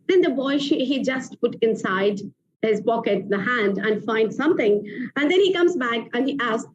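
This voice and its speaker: A woman's voice: on the high side, animated, normal speed, slight background noise. A woman hosting a show, telling a motivational story with emphatic repeated phrases, in a muffled lo-fi recording. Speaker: TV show host.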